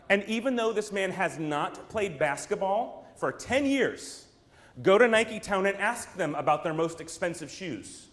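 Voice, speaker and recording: Animated high-voiced American man giving a talk. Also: measured pace. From United States. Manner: emphatic, rhetorical questions, theatrical asides to the audience. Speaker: brand strategist, speaker. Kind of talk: motivational keynote talk. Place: room with an audience.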